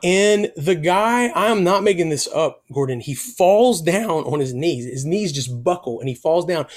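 A man's voice: fairly high pitch, lively intonation, measured pace. Earnest man telling a faith story. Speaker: touring worship musician. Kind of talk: personal storytelling in an interview.

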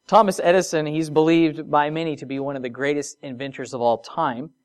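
A preacher giving a sermon, moving between soft, drawn-out phrases and emphatic rises, with conversational asides and rhetorical questions. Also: medium pitch, fairly even intonation.

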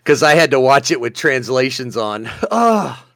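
A man's voice: a little slow, creaky, no echo, clean studio sound. A man co-hosting a casual podcast chat, telling stories animatedly and laughing often. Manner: animated storyteller, acts out quotes with loud high shouts. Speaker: podcast co-host.

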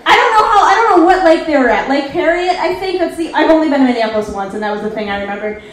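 Woman comic, high voice, sarcastic and foul-mouthed; live set in a booming, reverberant club room. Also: expressive, rapid-fire. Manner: sarcastic, profane, laughing asides. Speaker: comedian presenting slides. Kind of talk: live stand-up movie recap. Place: live comedy venue.

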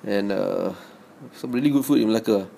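A man's voice: lowish voice, brisk, creaky, warm tone, a little hiss or hum. A young man with a Malaysian English accent, co-hosting a casual chat in a jokey way and laughing often. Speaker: podcast co-host.

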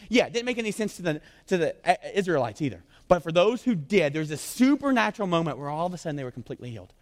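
A man preaching as a pastor, telling the story with animated energy and tossing in frequent "right?" asides. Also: fairly high pitch, rapid-fire, few pauses, long reverb tail. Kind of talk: sermon.

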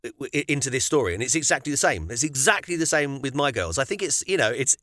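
A British man co-hosting a casual podcast chat, reflective and halting as he thinks aloud. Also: medium pitch, lively intonation, sharp tone. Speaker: podcast co-host.

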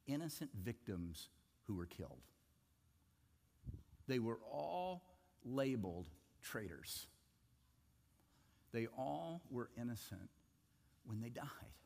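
A man preaches a sermon in an earnest way, his voice at an ordinary middle pitch. He drops to a hushed tone to stress his points. A long reverb trails each phrase through the large hall. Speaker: pastor.

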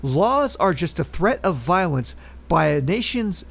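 Slightly high man presenting podcast history. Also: big pitch swings, measured pace, vocal fry. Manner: reads historical facts, then adds wry political asides. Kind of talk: casual podcast chat.

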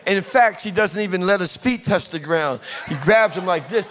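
A man preaching a sermon, telling a lively story and acting out the people in it. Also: high-pitched, normal speed, few pauses, over a noisy crowd, heavy background noise. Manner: storytelling, acting out scenes with voices. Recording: long reverb of a large hall with audience.

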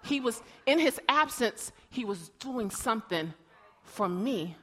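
A woman preacher giving an emotional sermon, telling stories and often repeating words as she swings between hushed and loud. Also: a little high, lively intonation, a little slow.

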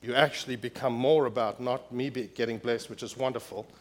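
A man preaching a sermon as pastor in a church, repeating key phrases with emphasis and growing loud when reading scripture. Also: mid-range voice, steady tone, a little fast.

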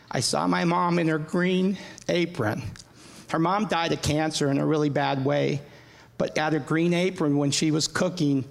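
A man giving an earnest personal faith testimony, halting and often repeating his words. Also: fairly high pitch, vocal fry, fairly bright tone, long reverb tail.

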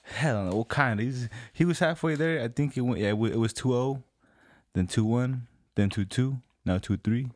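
A man's voice: mid-range voice, normal speed, a little mellow, no room sound, clean studio sound. A man in a casual chat, talking in a laid-back, slangy way with plenty of hesitations. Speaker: podcast co-host.

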